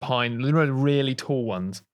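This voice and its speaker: A young man co-hosting a casual nature podcast, playful and quick to laugh. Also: mid-range voice. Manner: playful, laughs often, animated. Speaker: podcast co-host.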